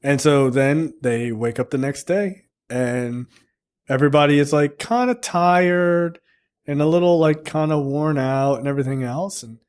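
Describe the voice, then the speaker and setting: A man co-hosting a film podcast, retelling the plot in a casual, filler-heavy way and jumping into high voices when he quotes the characters. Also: measured pace, a little mellow, clean tone. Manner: profane, filler-heavy storytelling.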